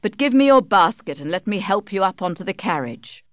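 A woman voicing an arrogant young gentleman, demanding and offhand, at times mocking. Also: medium pitch, very animated, a little fast, dry recording, studio quality, close to an everyday voice. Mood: pressing.

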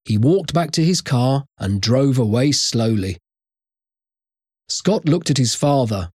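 A narrator reading a chapter of a children's story aloud, with expressive storytelling. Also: mid-range voice, takes it slowly, husky, no room sound, studio quality. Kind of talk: audiobook reading.

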